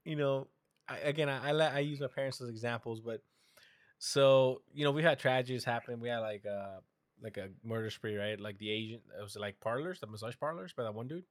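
A man's voice: medium pitch, fairly quick, no echo. A young man in casual podcast chat, telling stories animatedly, swearing and mimicking his mother.

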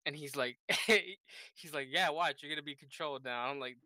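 A man's voice: fairly high pitch, fairly even intonation, fairly quick, bright, forceful tone, no room sound. A young man in casual podcast chat, joking and laughing often as he tells stories. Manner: laughs often, jokey storytelling.

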